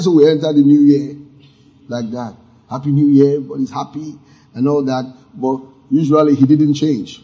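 A man's voice: medium pitch, fairly even intonation, normal speed, dark tone. A man preaching a sermon as pastor, emphatic, with asides and acted-out sound effects. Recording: muffled lo-fi sermon audio.

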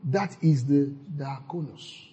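A man preaching a sermon, lively and playful, acting out church members in mocking voices. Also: mid-range voice, slow. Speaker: pastor.

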